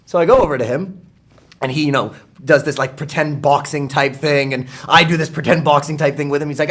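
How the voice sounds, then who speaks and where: Lively man telling stories at a convention. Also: fairly high pitch, fast. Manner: animated, laughs often, acts out quotes. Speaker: voice actor guest. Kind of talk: casual storytelling interview. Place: at a fan convention.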